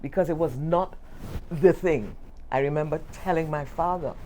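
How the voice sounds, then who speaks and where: Low-voiced woman telling stories. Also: expressive, moderate pace, noisy background. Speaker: podcast co-host. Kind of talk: casual chat.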